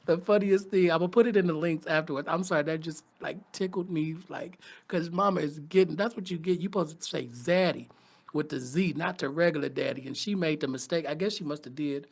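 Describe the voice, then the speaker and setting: A young man co-hosting a comedy podcast, telling stories in a lively way and laughing often. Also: on the high side, fairly quick, vocal fry. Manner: animated storyteller, laughs often. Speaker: podcast co-host. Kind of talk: casual comedic chat.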